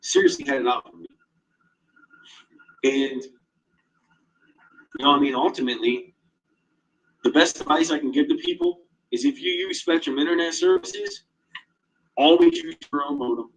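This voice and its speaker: Husky, fairly high-voiced man, agitated and profane, with a lively, swinging delivery. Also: measured pace, pauses often, poor audio. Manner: agitated, profane, heavy swearing. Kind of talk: casual monologue.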